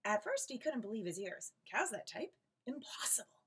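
A woman teacher reading a picture book aloud to young students, expressive and animated, pausing for friendly asides. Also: mid-range voice, slightly rough. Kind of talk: read-aloud storytime for children.

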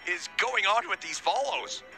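A man game streamer on a live stream, excitable and astonished, swearing a lot as he addresses his chat. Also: high voice, unhurried, gravelly, soft background music.

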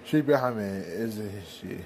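A man's voice: lowish voice, animated, measured pace, a little mellow, slight background noise. A man improvising a fan drama, talking with startled, jumpy outbursts.

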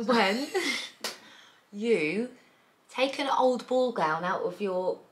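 A woman's voice: mid-range voice, expressive, very slow. A British woman in her thirties, chatting playfully as she unboxes beauty products. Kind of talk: casual chat.

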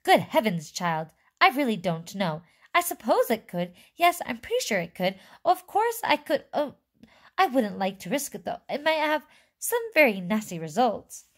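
A woman voicing an eccentric, excitable male chocolate maker with theatrical exclamations, reading to a class. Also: a little high, moderate pace, pitched above the performer's own voice. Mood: flustered.

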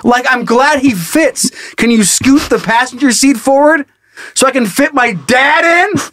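A man co-hosting a podcast, telling a story in casual chat with lots of swearing and animated asides. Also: very high voice, unhurried, no echo. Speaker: podcast co-host.

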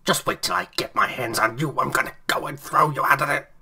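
A man doing a gruff grouchy bartender. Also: fairly high pitch, animated, brisk, bright, forceful tone, pitched above the performer's own voice, exaggerated voice. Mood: irritable. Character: grouchy middle-aged male bartender, short-tempered.

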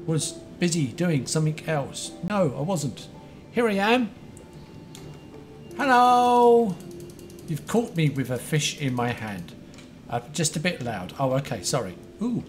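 An excitable, chatty man livestreaming a game, greeting viewers by name. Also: a little high. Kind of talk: casual live-stream chat. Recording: faint music behind.

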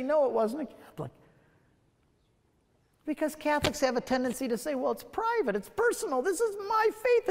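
Male speaker, evangelistic lecture; animated, emphatic storyteller; higher voice; reverberant lecture hall. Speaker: guest speaker. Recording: long reverb in a large hall.

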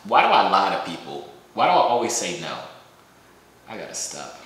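A man's voice: low voice, big pitch swings, fairly quick, fairly bright tone. A young man vlogging, chatting and joking playfully with strangers over a video app. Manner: playful teasing, goofy pickup lines. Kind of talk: casual joking chat. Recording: echoey room with faint noise.

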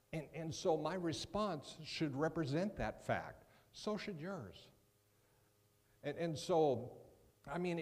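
A man giving a guest sermon, talking conversationally with joking asides and often repeating his first words as he starts a sentence. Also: mid-range voice. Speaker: guest preacher. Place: church sanctuary. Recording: long reverb of a church hall.

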